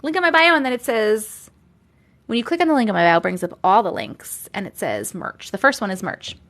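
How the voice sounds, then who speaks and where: Reading out viewer stories and comments on her live stream, a woman chats casually with her audience and laughs frequently. She has a medium-pitched, fairly bright voice with lively intonation and talks a little fast.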